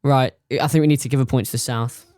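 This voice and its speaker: A teenage boy co-hosting a casual podcast debate, hesitant and halting as he argues his points. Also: medium pitch, steady tone, a little mellow, no room sound, clean studio sound. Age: teen. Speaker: podcast co-host, son.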